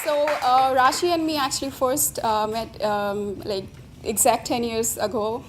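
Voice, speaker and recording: Bride's best friend: emotional woman with an Indian English accent, high-pitched, nervous and halting in her toast. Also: noisy background. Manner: nervous, halting, with many restarts. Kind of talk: wedding toast. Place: wedding reception.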